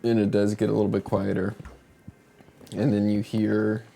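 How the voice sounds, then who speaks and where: Guy running a dnd game, low gravelly voice, takes his time. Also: little pitch movement, warm tone, slight background noise. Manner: slow, gravelly narration. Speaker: game master. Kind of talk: narrating a tabletop game.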